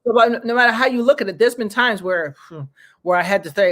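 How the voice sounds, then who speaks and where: A woman from New York hosting a talk show, telling personal stories in a rambling, lively way. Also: a little high, fast. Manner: rambling, restarts sentences, lively retelling. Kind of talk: casual interview chat, personal storytelling.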